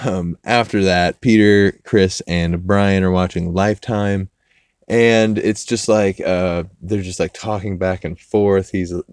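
A man's voice: deep voice, a little mellow, no room sound, clean studio sound. A man hosting a podcast, casually recapping an episode with lots of fillers and swearing. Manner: rambling, swears a lot, many fillers. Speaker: podcast host.

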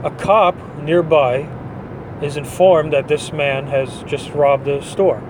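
A man's voice: a little high, steady tone, takes it slowly, noisy background. A man hosting a podcast, delivering a blunt, dismissive opinion monologue. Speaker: podcast host.

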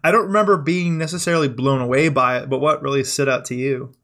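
A man chatting casually, relaxed and laid-back, with offhand swearing. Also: medium pitch, fast. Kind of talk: casual chat.

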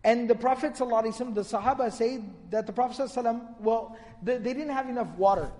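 A man's voice: very high-pitched, very fast, darkish tone, big-room sound. A man giving a religious lecture, retelling narrations in a storytelling manner and quoting Arabic. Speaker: Islamic lecturer.

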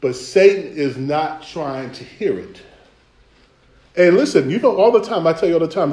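A man preaches in an echoey church hall, his voice a little high, animated, and a bit mellow at a normal speed. His sermon is conversational and rhythmic, and he frequently asks the room if they hear him.

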